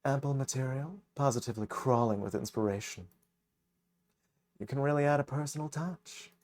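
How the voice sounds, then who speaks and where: Pompous game gent, grand and wistful, voiced by a man, middling pitch. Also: darkish tone, natural voice. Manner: pompous, drawn-out delivery. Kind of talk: reading a visual novel aloud.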